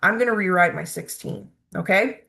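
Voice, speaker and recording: A woman's voice: mid-range voice, moderate pace, creaky, sharp tone. A woman math instructor patiently talking through problems step by step, checking in with "okay?" as she goes. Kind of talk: recorded math lecture.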